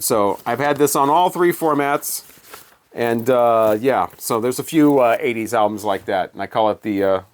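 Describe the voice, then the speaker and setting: A man casually reviewing old albums, rambling and joking, correcting himself as he goes. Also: fairly high pitch. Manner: rambling, self-correcting, jokey. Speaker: music reviewer.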